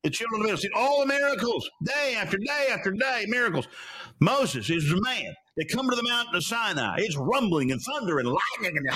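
A man hosting his own show, retelling Bible stories in an animated, casual preaching style. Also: sits high, a little fast, slightly rough. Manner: animated storyteller, laughing asides. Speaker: host.

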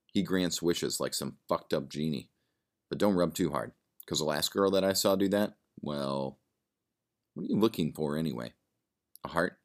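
A man's voice: extremely low pitch, normal speed. A man voicing a cynical, sardonic man drinking in a bar, swearing and rambling.

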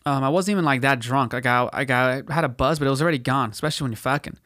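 A man's voice: mid-range voice, rapid-fire, fairly bright tone, no room sound, studio quality. A man hosting a podcast, telling a story in a casual, profane, slangy way and acting out quotes in put-on voices. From United States. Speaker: podcast host.

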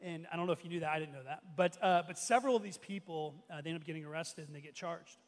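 A high-voiced man in his thirties preaches from a church stage, his words trailing off into a long hall reverb. He tells the story casually, doubling back on himself with fillers and restarts as he goes. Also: fast talker. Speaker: pastor. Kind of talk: sermon.

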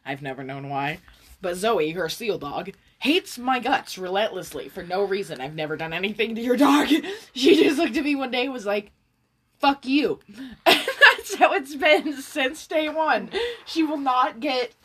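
A woman's voice: a little high, lively intonation, husky. A young woman co-hosting a podcast in casual comedic chat, swearing freely and laughing often. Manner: swears freely, laughs often, puts on quick silly voices. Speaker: podcast co-host.

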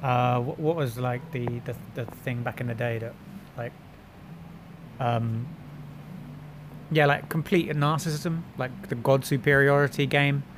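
A man's voice: mid-range voice, fairly even intonation, a little slow, pauses often, noisy background. Rambling man in casual chat. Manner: rambling, filler-heavy, drops into mock-boastful asides.

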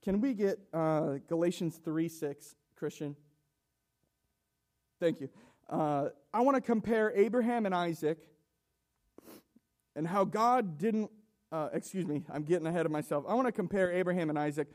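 A young man preaching an emotional sermon in a church, halting and repeating himself with nervous laughs. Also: high-pitched, darkish tone. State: emotional, coughing.

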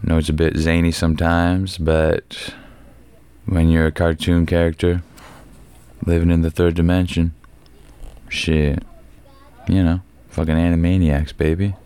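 A young man hosts his own podcast and talks alone in a loose, profane, rambling way. His voice sits very low and stays smooth and resonant. Now and then he breaks into sudden loud bursts. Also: little pitch movement, a little slow, no echo. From Canada. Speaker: podcast host. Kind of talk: casual solo podcast monologue.

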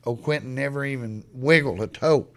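Folksy, profane storyteller. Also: male voice, mid-range voice, normal speed. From west Texas. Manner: folksy, profane, animated yarn-spinner. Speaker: podcast guest. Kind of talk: storytelling in casual chat.

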